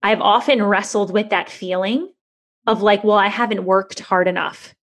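A woman in her thirties telling a personal story in a candid interview, lively and chatty, acting out the voices of people she quotes. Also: mid-range voice, moderate pace. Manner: animated, acts out quoted voices, frequent "like" fillers. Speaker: guest.

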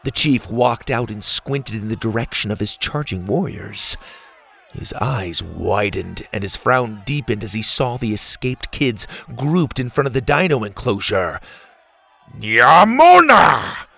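A man narrating a children's adventure story, with lively reading that jumps up loud and high for the characters' shouts. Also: measured pace, vocal fry, breathy edge.

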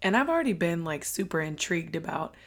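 Hoarse woman podcaster, fired up. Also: on the low side, fast. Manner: energetic, emphatic, casual with occasional swearing. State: losing her voice, out of breath. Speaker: podcast host. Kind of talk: motivational podcast monologue.

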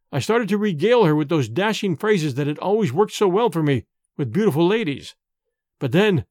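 A man narrating a classic story in an expressive, theatrical reading. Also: high voice, no echo, clean studio sound. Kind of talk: audiobook storytelling.

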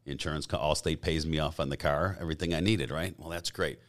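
A middle-aged man telling stories as a podcast guest in a casual, rambling way, often clearing his throat. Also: rumbling low, steady tone, fast talker. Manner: rambling, frequent throat clearing, acts out quoted dialogue. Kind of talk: casual storytelling.

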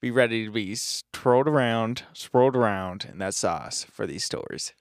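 A young man co-hosting a podcast, telling jokey stories in a casual, drawn-out way. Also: fairly low pitch, animated, dry recording, studio quality. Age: young adult. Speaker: podcast co-host. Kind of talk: casual chat.

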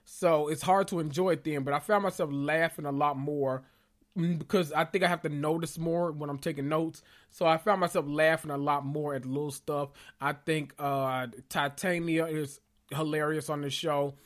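Man, slightly high voice, casual podcast host, winded and full after a meal, excitable, swears a lot. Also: moderate pace. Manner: excitable, swears freely, keeps addressing listeners as "y'all". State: a little out of breath and sweating after a big meal. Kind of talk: casual pop-culture recap podcast.

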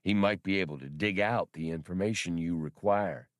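A bulky male droid who talks in an unhurried drawl, put on by an audiobook narrator. The voice sits lower than a plain speaking voice. The recording is dry and close. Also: dry recording, natural voice. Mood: measured. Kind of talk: audiobook character voice.

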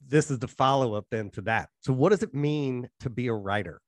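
A man's voice: medium pitch, brisk, no echo. A man hosting a podcast interview, asking loose, friendly follow-up questions. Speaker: podcast host. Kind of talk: casual interview talk.

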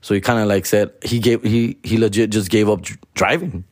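A man's voice: on the low side, fairly even intonation, fairly quick, darkish tone, no echo, studio quality. A young man telling a profane, casual story, mixing Spanish and slang.

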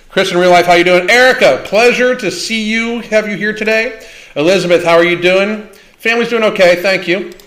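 Profane, combative man with a high voice. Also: fairly bright tone. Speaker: livestream host. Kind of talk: livestream Q&A rant.

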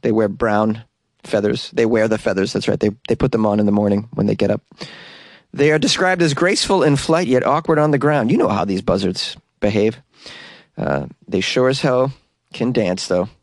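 A man's voice: mid-range voice, lively intonation, normal speed, no echo, clean studio sound. A man hosting a comedic news segment, reading stories and riffing sarcastically with asides.

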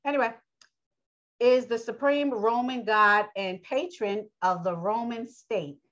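A woman reads aloud from reference books in an unhurried, careful way, breaking off to put questions to her listeners and answer them herself. She trips over harder words and restarts them. The recording sounds dull and lo-fi. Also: mid-range voice, fairly bright tone. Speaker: religious teacher. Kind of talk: reading aloud with commentary. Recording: dull lo-fi audio.

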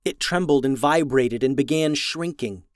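A man reading a children's adventure story aloud, with lively voices for the characters. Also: medium pitch, normal speed, no room sound, clean studio sound. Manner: animated, raises voice for characters' lines.

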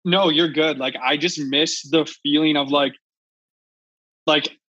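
A man's voice: on the high side, steady tone, a little slow, bright, forceful tone, dry recording. A man who produces music, a guest on a podcast, rambling casually with lots of filler and losing his thread. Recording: dull dry lo-fi sound.

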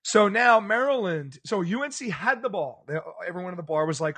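A man with a noticeably high-pitched voice co-hosts a casual sports chat. He tells stories with animation and acts out the reactions of people around him. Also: a little fast, few pauses, breathy edge. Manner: animated storyteller, acts out bar crowd reactions.

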